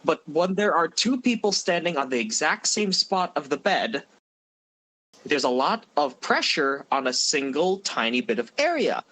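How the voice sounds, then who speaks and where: A man's voice: fairly high pitch, very animated, a little slow, bright, forceful tone, low-quality recording. A man in his twenties tells a long story on a casual podcast, stumbling and restarting, laughing as he goes. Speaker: mod developer and podcast host.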